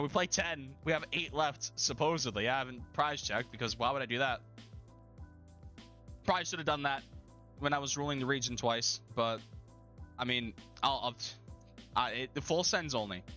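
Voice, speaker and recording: A man's voice: on the high side, sharp tone. A young man hosting his own gaming channel, giving casual, dramatic, slang-filled commentary on a card game he is losing.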